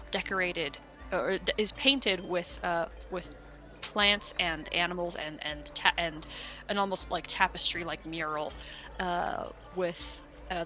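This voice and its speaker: A woman's voice: lowish voice, sharp tone. A woman narrating a tabletop game as game master, searching for words and hesitating often. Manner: hesitant, many fillers, laughing.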